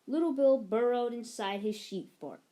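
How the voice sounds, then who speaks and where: A woman narrating a children's picture book aloud in an expressive storytelling manner. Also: on the high side, moderate pace. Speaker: storybook reader.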